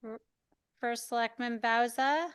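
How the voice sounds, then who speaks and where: Smooth-voiced woman chairing a hearing. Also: on the high side, steady tone, measured pace, fairly bright tone, dry recording, clean studio sound. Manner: courteous, procedural. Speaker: committee chair.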